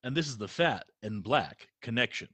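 A man co-hosting a casual live podcast, stuffy and congested from a cold, talking haltingly with many fillers. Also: mid-range voice, expressive, sharp tone, dry recording. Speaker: podcast co-host.

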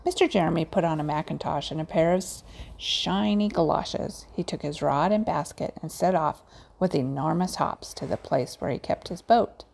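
A woman reads a children's storybook aloud with gentle, measured pacing. Her voice sits low with a gravelly edge, and its tone is warm and mellow.

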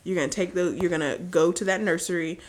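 A woman's voice: lowish voice, fairly even intonation, fast talker, a little hiss or hum. A woman co-hosting a podcast in joking, playful casual chat, swearing and laughing often. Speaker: podcast co-host.

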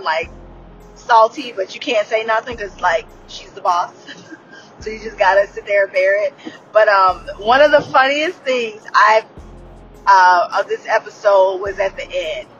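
A TV episode reviewer in her late thirties recaps an episode casually and candidly, swearing freely, laughing often and restarting her sentences. Her mid-range voice is a bit bright, and the highs are cut off.

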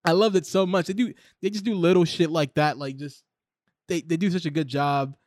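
A man's voice: fairly high pitch, fairly quick, dry recording. A man co-hosting a podcast, chatting casually and acting out lines from a show with plenty of swearing. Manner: animated, acts out quotes with profanity. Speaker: podcast co-host. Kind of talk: casual show review chat.

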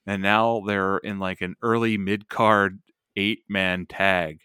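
A man co-hosts a podcast in casual, sarcastic chat. His voice sits low yet sounds bright and crisp. The recording is dry and close. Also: level tone, slow, dry recording. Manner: sarcastic, joking. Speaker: podcast co-host.

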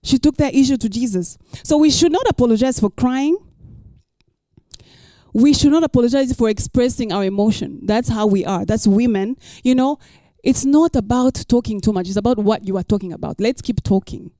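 A woman's voice: fairly high pitch, normal speed, warm tone, dry recording, clean studio sound. A woman pastor preaching a sermon, emphatic and repeating her key lines for the listeners.

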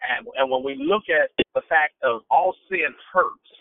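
A man's voice: sits high, very animated, measured pace, creaky, no room sound. A man, a pastor hosting a phone-in prayer call, talking in a preacherly way that keeps repeating and restarting phrases. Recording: phone-line audio.

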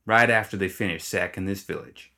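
A man reading fantasy fiction aloud as narrator, in a wry, even storytelling manner. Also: low-pitched, a little fast, vocal fry. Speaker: audiobook reader.

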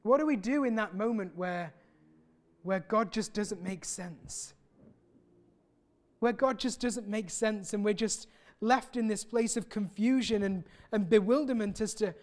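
A man preaching a sermon, earnest and personal, often pausing and restarting his sentences. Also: high-pitched, darkish tone. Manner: earnest, with many pauses and restarts.

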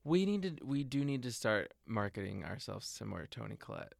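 A man's voice: fairly low pitch, sing-song, moderate pace, gravelly. A man co-hosting a podcast in casual chat, chatty and laughing often, with lots of filler words. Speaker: podcast co-host.

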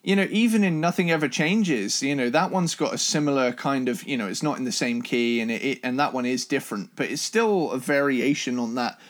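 A man's voice: medium pitch, expressive, brisk, hardly any pauses. A man co-hosting a casual music review chat, enthusiastic and rambling, with restarts and the odd swear. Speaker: podcast co-host.

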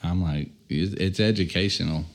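Deep-voiced man, emphatic podcast co-host. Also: moderate pace. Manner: enthusiastic, emphatic, finishes the other's sentences. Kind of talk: casual chat.

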